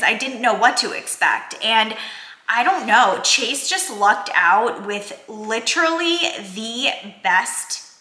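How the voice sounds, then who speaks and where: A woman's voice: medium pitch, bright, forceful tone. A woman in her thirties, a working mom vlogger, talking in a chatty, heartfelt way with lots of filler words. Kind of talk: casual vlog chat. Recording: echoey room.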